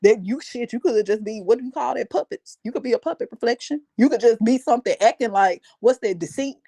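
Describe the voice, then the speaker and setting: A woman's voice: on the high side, quick pace, warm tone, slightly rough. A woman hosting a reaction video, commenting bluntly and with profanity and throwing questions at her viewers. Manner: rhetorical questions to the audience.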